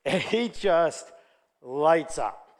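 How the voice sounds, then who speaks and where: Male keynote speaker, lively storyteller, slightly raised pitch, reverberant conference hall. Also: extremely slow. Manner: energetic, animated, acts out quoted dialogue.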